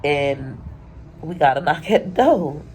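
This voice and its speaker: A woman's voice: deep voice, lively intonation, unhurried, a little mellow, husky, low-quality recording. A young woman, crying as she talks through a personal vlog, rambling and candid. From Florida. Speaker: YouTuber.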